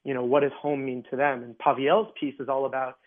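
A man's voice: medium pitch, little pitch movement, a little fast. A man speaking as an orchestra guest in a casual radio interview, chatty, with many fillers and restarts. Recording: tinny phone-like line.

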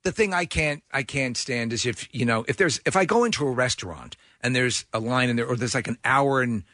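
A man's voice: mid-range voice, lively intonation, brisk, sharp tone, dry recording, clean studio sound. A man, co-hosting in casual chat and restarting his sentences often. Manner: chatty, stumbles over restarts. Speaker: radio show co-host.

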